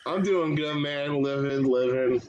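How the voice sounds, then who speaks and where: A man's voice: on the high side, measured pace, a little mellow, muffled recording. Laughing man telling wrestling stories. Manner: laughing storyteller. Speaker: guest wrestler. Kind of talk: casual chat.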